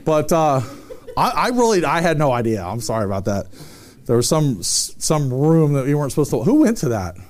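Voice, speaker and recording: A man preaching a sermon with a somewhat high voice. He moves between reading scripture and loose, emphatic commentary. He often pauses and restarts mid-sentence. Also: big pitch swings.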